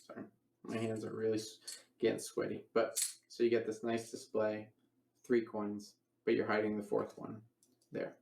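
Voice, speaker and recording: A man's voice: fairly low pitch, monotone, moderate pace, vocal fry, a little mellow, echoey room, a little hiss or hum, low-quality recording. A man teaching a coin magic routine in a casual online lecture, explaining each step and acting out his patter. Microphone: online voice call.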